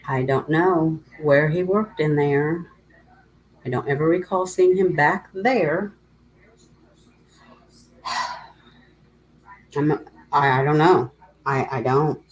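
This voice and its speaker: A middle-aged woman with a notably low voice hosts a casual livestream, rambling and emotional as she tells her story. She breaks off now and then to greet viewers by name. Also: slow pace, pauses often, slight background noise, rough recording. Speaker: livestream host.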